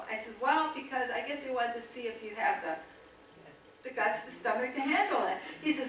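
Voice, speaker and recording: A middle-aged woman missionary telling a lively story from the pulpit and acting out both sides of a conversation. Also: on the high side, moderate pace, slight background noise. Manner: animated, chatty storytelling with quoted dialogue. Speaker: missionary guest speaker. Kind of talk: storytelling testimony in a church service. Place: church sanctuary. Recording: echoey church hall, voice from a distance.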